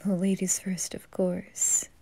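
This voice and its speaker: A woman giving a cozy ASMR introduction, gently addressing her listeners. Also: fairly low pitch, monotone, slow. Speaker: ASMR creator.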